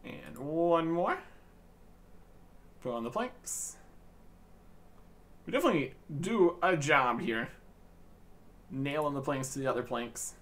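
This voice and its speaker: A man's voice: on the high side, animated, slow pace, long pauses, fairly bright tone. A man narrating his own gameplay with dry, joking commentary as a gaming channel host. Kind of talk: let's-play commentary.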